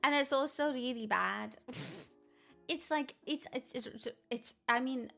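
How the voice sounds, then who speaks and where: A woman streams live in a put-on Irish accent that she admits is bad. She rambles, jokes and swears as she chats, in a fairly high voice. Soft music plays faintly underneath her. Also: takes it slowly, gravelly. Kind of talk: casual live stream chat.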